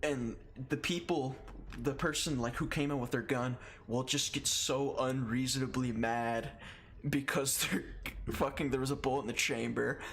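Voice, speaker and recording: A man's voice: medium pitch, fairly even intonation, normal speed, a bit bright. A man chatting casually on a gaming stream who often laughs through his own stories and swears freely.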